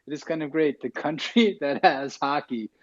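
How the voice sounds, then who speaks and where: A man's voice: on the high side, moderate pace. Joking, stammering man, lo-fi sound. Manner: joking, teasing, stammering repeats. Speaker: guest expert. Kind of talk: casual chat. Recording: dull lo-fi audio.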